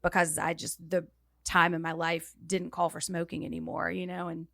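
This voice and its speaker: Gravelly, low-voiced woman on a podcast. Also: level tone, moderate pace, sharp tone, dry recording, studio quality. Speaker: podcast panelist. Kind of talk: casual book discussion.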